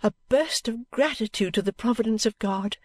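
A woman reading a novel aloud as a first-person audiobook narrator, with a calm, even storytelling delivery. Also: on the high side, normal speed, dry recording. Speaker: audiobook reader.

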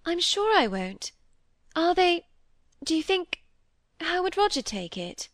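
A woman reading aloud, voicing a gentle, timid young girl in an old novel who speaks softly and higher than the narration. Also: sing-song, normal speed, dry recording, clean studio sound. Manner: soft and timid.

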